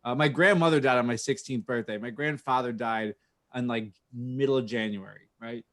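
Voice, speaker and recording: A man's voice: medium pitch, moderate pace, fairly bright tone. A man co-hosting a podcast, telling stories in a rambling way, full of restarts and swearing. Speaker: podcast co-host. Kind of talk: casual podcast chat.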